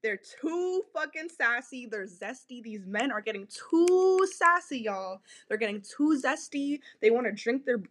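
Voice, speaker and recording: A woman's voice: fairly high pitch, animated, unhurried, few pauses. A woman hosting a podcast, ranting in a blunt, profane, repetitive way. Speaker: podcast host. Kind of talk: casual podcast rant.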